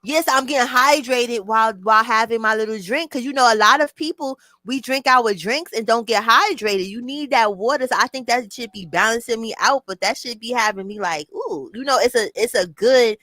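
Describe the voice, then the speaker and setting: Chatty woman streamer, bright tone, laughs a lot, dry close sound. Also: on the high side, moderate pace, few pauses, no echo. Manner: chatty, laughs often, talks to chat. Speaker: livestream host. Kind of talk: casual livestream chat.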